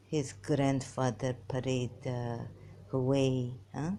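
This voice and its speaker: A woman talking to her viewers in a rambling personal monologue, halting and giggly, often restarting and trailing off. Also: very deep voice, fairly even intonation, warm tone, slight background noise. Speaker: vlogger.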